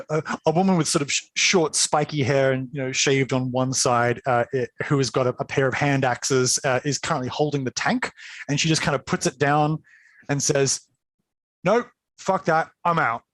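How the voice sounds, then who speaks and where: A man's voice: mid-range voice, steady tone, normal speed, a bit bright, no echo. A man as game master, narrating a tabletop game in an enthusiastic, chatty way, full of fillers.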